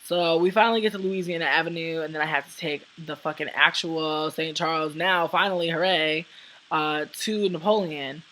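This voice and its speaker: A woman's voice: low-pitched, fairly even intonation, moderate pace, fairly bright tone, low-quality recording. A young woman vlogger telling a long true story in casual, profane chat, acting out what people said to her.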